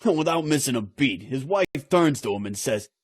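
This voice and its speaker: Husky man in his forties telling jokes. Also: medium pitch, lively intonation, normal speed, no room sound, studio quality. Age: 40s. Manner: chatty, anecdotal. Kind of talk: casual joke telling.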